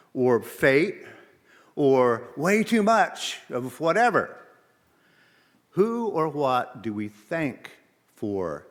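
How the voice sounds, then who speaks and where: A male minister delivers a sermon at an unhurried, steady pace, weighing each phrase and posing rhetorical questions. His voice sits at a middle pitch. A long reverb trails behind him, as in a large church sanctuary. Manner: measured, deliberate, rhetorical questions.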